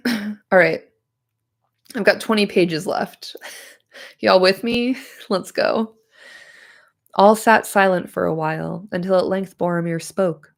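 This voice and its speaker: A woman's voice: mid-range voice, slow pace, gravelly, long pauses. A woman with a slightly nasal voice reading a book aloud to a live chat, breaking off for chatty, joking asides. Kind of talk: casual read-along stream.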